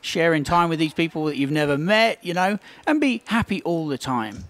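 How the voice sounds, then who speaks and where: A man's voice: fairly high pitch, animated, moderate pace, fairly bright tone. A man with a British accent, a reality show contestant with a dry, teasing wit.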